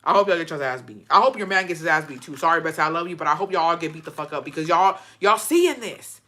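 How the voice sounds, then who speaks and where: Bright-voiced woman ranting, outraged. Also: low-pitched. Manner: profane, outraged, fast-shifting rant. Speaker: commentator reacting to a story. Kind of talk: heated reaction commentary.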